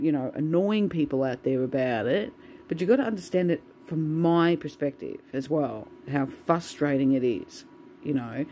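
A woman's voice: sits low, warm tone, slight background noise, low-quality recording. A woman venting in a casual, swear-filled monologue to the camera. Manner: swears a lot, ranting. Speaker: vlogger.

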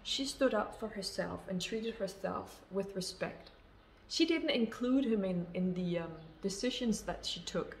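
Unhurried and medium-pitched with lively intonation, a woman speaks as a love coach in an earnest monologue of advice to women, emphatically repeating phrases and calling her listeners sisters. There is slight background noise.

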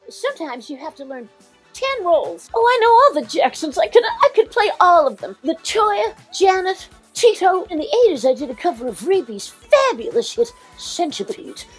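A woman voicing a scatterbrained older showbiz diva in a comic impression, talking in an excitable, rambling, gushing way. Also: very high voice, normal speed, faint music behind. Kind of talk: comic celebrity impression monologue.

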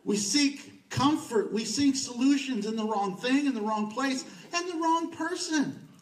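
A man's voice: very high-pitched, unhurried. A male pastor preaching a sermon in a conversational, emphatic way, repeating words for stress. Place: church sanctuary. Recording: echoey church from a distance.

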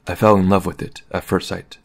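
A man reading a novel aloud as an audiobook in a calm, measured narration. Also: low voice, creaky. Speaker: audiobook reader.

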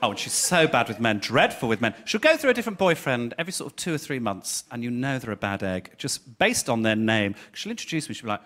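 A man's voice: medium pitch, expressive, brisk, fairly bright tone. A male stand-up comedian teasing the crowd on stage through a handheld mic, cheeky, swinging between shrieks and mutters. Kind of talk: live stand-up with crowd work. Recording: noisy live club recording.

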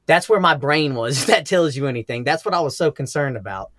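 A man's voice: a little high, a little fast, no room sound, studio quality. A young man with a Southern US accent, telling wild stories as a podcast guest, swearing a lot and laughing often. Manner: profane, animated storyteller, laughs often. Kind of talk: casual storytelling interview.

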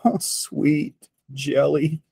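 A gentle, hungry zombie moans each word, drawn out slow and breathy, as a man voices him for a storybook. The sound is dry and close, with no room around it. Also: fairly high pitch, level tone, no echo, heavily acted. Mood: moaning, longing. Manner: slow, moaning delivery.

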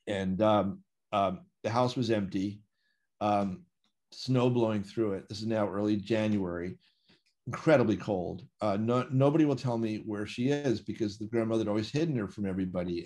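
A man telling a personal story in a relaxed, anecdotal way, acting out the dialogue of the people in it. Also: on the low side. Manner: vivid anecdotal storytelling, acts out dialogue with quoted voices. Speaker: interview guest. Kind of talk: casual storytelling.

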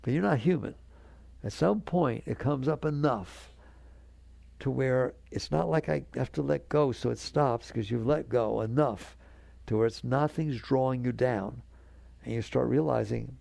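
A man's voice: medium pitch, unhurried, vocal fry, dark tone, dry recording. A man giving a spiritual talk to an audience, earnest and conversational, coaxing his listeners along. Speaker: spiritual teacher.

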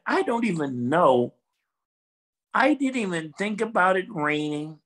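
A man's voice: high-pitched, expressive, unhurried, a bit bright, low-quality recording. An older man, a former football player, talking as a guest in a casual interview, earnest and reflective, rambling with restarts.

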